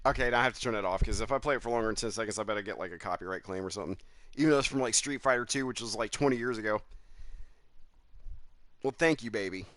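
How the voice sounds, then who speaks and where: A man's voice: lowish voice, fast, fairly bright tone. Drawling Southern man streaming a game. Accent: American Southern. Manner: joking, drawling, reads chat aloud. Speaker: gaming streamer. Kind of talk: casual live-stream chat with viewers.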